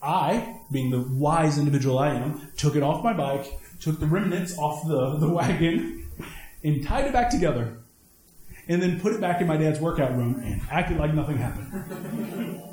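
A man preaching a sermon, mixing personal stories with scripture, swinging between high emphatic lines and low asides. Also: lively intonation, moderate pace, darkish tone, roomy sound, a little hiss or hum. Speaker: pastor.

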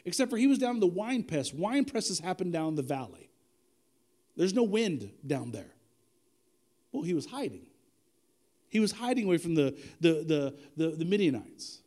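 A man's voice: fairly high pitch, big pitch swings, normal speed, long pauses, a little mellow. A man preaching a sermon in a conversational, storytelling way with humor. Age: adult with children.

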